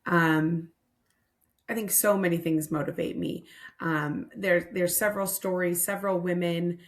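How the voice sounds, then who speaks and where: A woman's voice: lowish voice, fairly even intonation, unhurried. A middle-aged woman leading a nonprofit mission, telling stories earnestly and reflectively in a podcast interview.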